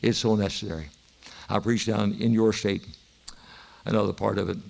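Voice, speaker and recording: A man's voice: fairly low pitch, fairly even intonation, normal speed, gravelly, a little mellow. A man preaching a sermon, telling a story and rising to emphatic exhortation.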